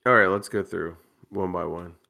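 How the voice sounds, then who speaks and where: A man's voice: low voice, steady tone, normal speed, gravelly, pushed and bright. A drunk man co-hosting a podcast, rambling and swearing in casual chat. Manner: rambling, profane. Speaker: podcast co-host.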